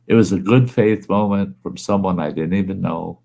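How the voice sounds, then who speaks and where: A man's voice: deep voice, a little fast, gravelly, few pauses, mellow. A man hosting his own storytelling show from home, telling a rambling, folksy tale in a plain-spoken, casual way. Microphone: wearing earbuds.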